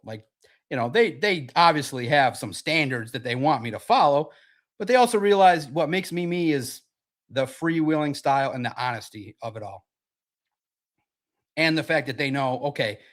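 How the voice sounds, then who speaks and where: A man's voice: mid-range voice, moderate pace, fairly bright tone. A man in his forties hosting a sports podcast, talking in a brash, profane and boastful way in a casual livestream monologue. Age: 40s.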